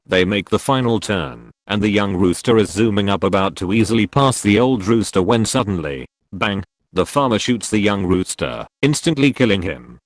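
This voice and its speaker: Low-voiced man telling jokes. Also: animated, moderate pace, no room sound. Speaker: joke narrator. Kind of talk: scripted joke narration.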